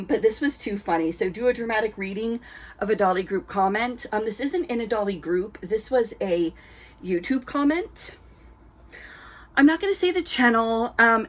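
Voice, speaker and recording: Chatty, giggly woman with a dry throat. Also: medium pitch. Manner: chatty, giggly, many ums, acts out quoted voices. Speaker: reborn doll collector vlogger. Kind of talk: casual storytelling to camera. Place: indoors at home, lit by a ring light.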